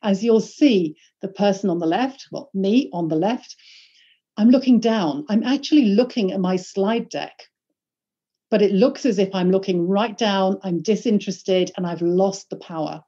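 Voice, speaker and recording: A woman leading an online workshop on presenting, giving instructions in a clear and emphatic way. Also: medium pitch, moderate pace, warm tone, highs cut off. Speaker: presentation skills trainer.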